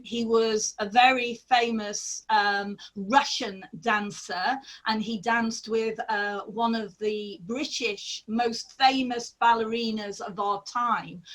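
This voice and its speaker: Brief: middle-aged woman, ex-ballet dancer, lively and laughing, slightly high voice, video call. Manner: lively, laughing storyteller with many fillers. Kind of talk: animated anecdote on a video call.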